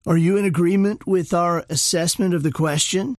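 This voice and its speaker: A man's voice: sits high, steady tone, normal speed, a little mellow, dry recording, clean studio sound, close to an everyday voice. A man voicing a courteous, mild-mannered man who leads a meeting in a storybook reading. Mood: polite. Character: polite, puzzled man leading a meeting.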